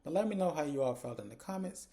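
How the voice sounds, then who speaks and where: Mellow-voiced man recapping casually. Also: on the high side, expressive, quick pace. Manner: retells scenes, acting out characters' lines. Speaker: TV episode reviewer.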